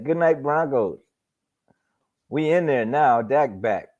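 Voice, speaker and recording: A man's voice: medium pitch, animated, slow pace, darkish tone. Profane man on a lo-fi stream. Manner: loose, profane and repetitive, heavy slang. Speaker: boxing talk show host. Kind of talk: casual live-stream commentary. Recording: dull lo-fi stream audio.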